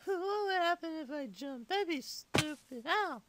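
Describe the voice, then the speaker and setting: A squeaky whiny little boy. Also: animated, measured pace, background noise. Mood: childish. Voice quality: squeaky high-pitched. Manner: whiny, silly rambling play commentary. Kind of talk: comedic game play-along.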